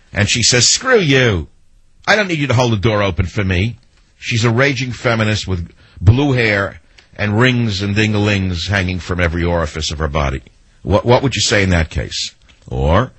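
A man's voice: lowish voice, a bit bright, husky, no echo, low-quality recording. A man hosting a talk radio show, telling sarcastic stories and mimicking the people in them. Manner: sarcastic, storytelling with mimicked quotes. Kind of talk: monologue to listeners.

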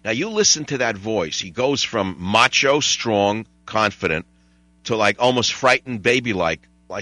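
A man's voice: lowish voice, animated, unhurried, pushed and bright, dry recording. Wry older man hosting talk radio. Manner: digressive, wry, mimics voices and jokes with callers. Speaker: radio talk show host. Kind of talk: rambling talk radio monologue. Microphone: studio microphone.

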